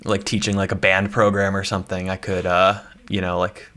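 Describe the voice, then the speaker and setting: A man's voice: sits low, monotone, brisk, a bit bright. A man in his thirties, a podcast guest chatting casually and rambling with lots of likes and ums. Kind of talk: casual chat.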